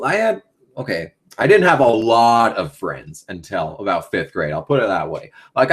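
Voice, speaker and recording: Teen gamer guy rambling on a live q&a, lots of ums and swearing, voice bouncing all over. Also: medium pitch. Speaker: gaming YouTuber host. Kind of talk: casual live Q&A chat.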